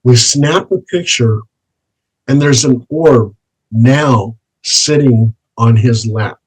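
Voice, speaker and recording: Husky male paranormal investigator, unhurried anecdotal delivery in an interview. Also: mid-range voice, low-quality recording. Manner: slow, plain anecdotal telling, repeats set phrases. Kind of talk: interview storytelling.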